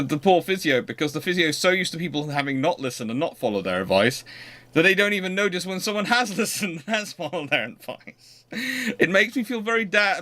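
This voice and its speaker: A man's voice: on the high side, pushed and bright. A man hosting a livestream, chatting casually and rambling with frequent restarts. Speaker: host.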